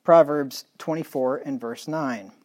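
A middle-aged male pastor preaching a sermon emphatically, reading scripture slowly and dropping into quiet asides. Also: a little high. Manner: emphatic preaching, reads scripture in slow measured tones, drops to quiet asides.

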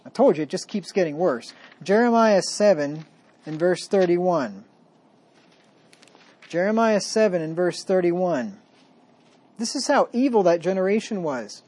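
A man delivers a sermon in a slightly high voice. He reads the verses loudly and with force, then drops to quiet, folksy asides. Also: expressive, unhurried, pauses often. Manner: folksy, self-deprecating asides. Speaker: preacher. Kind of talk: sermon with scripture reading.

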